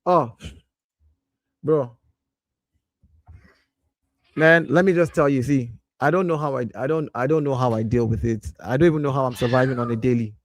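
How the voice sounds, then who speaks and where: A man in his thirties hosting a casual live stream from his home office, talking in an animated way and breaking off to scold his kids and greet viewers. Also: medium pitch, moderate pace, long pauses, no echo.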